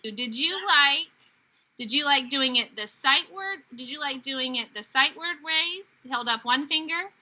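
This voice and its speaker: A woman teacher leads a reading lesson for young children over a video call. Her voice is very bright and fairly high, and she speaks slowly, sounding out each word clearly so the kids can repeat it. She praises them often. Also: animated, slight background noise, low-quality recording. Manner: slow, clear modeling of words for children to repeat; encouraging praise.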